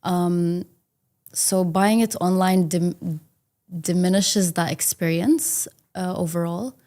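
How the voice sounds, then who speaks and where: Woman, from India, exam candidate, slowish, mellow voice, thoughtful. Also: on the low side. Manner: thoughtful, with fillers like um and you know. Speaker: test candidate. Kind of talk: practice speaking-test answers.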